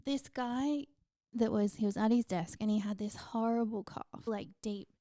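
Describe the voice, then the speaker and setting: A woman's voice: a little high, moderate pace, dark tone, dry recording, clean studio sound. A woman co-hosting a podcast, telling office anecdotes with frequent laughs. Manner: giggly, storytelling. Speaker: podcast co-host. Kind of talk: casual chat.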